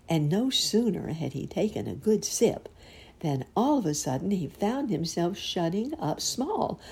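A woman reading a children's story aloud, unhurried and expressive. Her low voice is dark and gravelly with a husky roughness, and it moves through a lively melodic range. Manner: slow, expressive.

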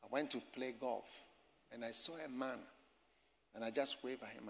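A man's voice: medium pitch, fairly quick, vocal fry, fairly bright tone. A man preaching a sermon, emphatic and repetitive as he tells stories. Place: campus gathering. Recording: echoey hall reverb.

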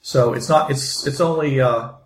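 A man running a tabletop game as game master, narrating in a halting way with many restarts. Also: mid-range voice. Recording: echoey room, faint noise.

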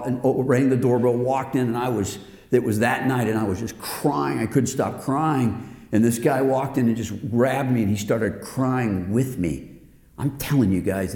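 A man's voice: mid-range voice, dark tone. A man teaching a men's group in an earnest, emphatic sermon style, telling personal stories. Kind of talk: sermon-style lesson to men. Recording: echoey hall with long reverb.

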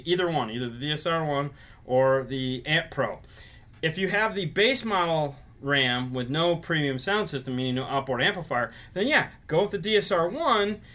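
A man's voice: a little high, a bit bright. Rambling man giving car audio advice. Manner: rambling, self-correcting, explains step by step. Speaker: car audio show host. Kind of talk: casual live-stream advice chat.

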